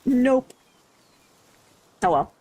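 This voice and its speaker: A woman's voice: drawn-out words, warm tone, low-quality recording. A woman livestreaming a game, chatting casually, thinking aloud and laughing easily into a desk microphone. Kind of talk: casual gaming commentary.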